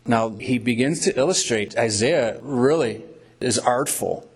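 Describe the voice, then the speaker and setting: A man's voice: mid-range voice, slightly rough. Emphatic male preacher reading scripture. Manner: emphatic, vivid storytelling with drawn-out words.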